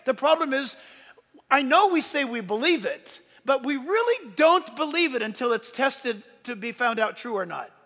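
A man's voice: very high voice, big pitch swings, normal speed, pushed and bright. A man preaching a sermon as pastor, emphatic, sometimes speeding up and raising his voice. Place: church. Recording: long reverb of a church hall.

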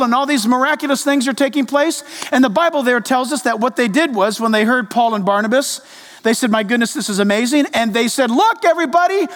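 High voiced pastor guy preaching, lively, talks right at the crowd, long echo in the church. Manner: animated, addresses congregation directly. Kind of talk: sermon. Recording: echoey reverb of a large hall.

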